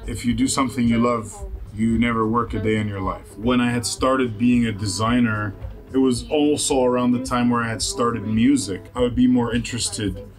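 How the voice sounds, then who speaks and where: A man in his thirties, a musician from a Lebanese family, chatting in a relaxed, jokey way in his home studio. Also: medium pitch, moderate pace, soft background music. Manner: laid-back, jokey, laughs easily. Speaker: musician, guest. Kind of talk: relaxed casual chat.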